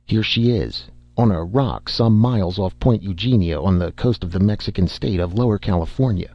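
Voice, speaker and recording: A man's voice: sits low, moderate pace, no room sound, lo-fi sound. A man voicing an anxious, driven young male scientist who stammers when upset, in a storybook reading. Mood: urgent.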